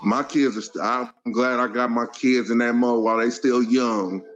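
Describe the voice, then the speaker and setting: A man of middle pitch whose voice comes through with a dull, lo-fi sound. He talks plainly and matter-of-factly, trading views in easygoing podcast conversation. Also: steady tone, moderate pace. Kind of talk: casual podcast chat.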